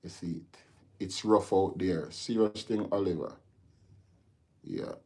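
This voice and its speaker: This Jamaican man hosts a casual livestream, and his voice is low, slow and a bit dark. He answers viewer comments by talking straight to them, but he grows heated and starts lecturing.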